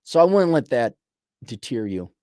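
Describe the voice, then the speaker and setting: A man's voice: medium pitch, big pitch swings, normal speed, a little mellow, dry recording, studio quality. A man hosting a casual rant show, answering a viewer's letter in a blunt, profane, rambling way with lots of restarts. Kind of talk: casual ranting commentary.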